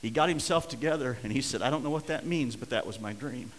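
A middle-aged man preaching a sermon, telling a story and swinging between hushed and loud, urgent passages. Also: mid-range voice, fast talker, long reverb tail, a little hiss or hum, low-quality recording. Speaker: pastor.

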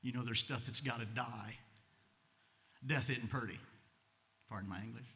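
A middle-aged American man preaching a sermon as pastor, swinging between loud fervent passages and quiet low asides. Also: fairly even intonation, normal speed. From United States. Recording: long reverb of a large hall.

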